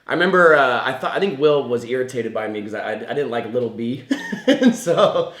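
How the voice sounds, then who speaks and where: A man's voice: medium pitch, expressive, moderate pace, crowd noise. A young man from the Sacramento area, a podcast guest talking in a laid-back, hesitant way that often trails off. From Sacramento area, California. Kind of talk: casual chat. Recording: echoey room.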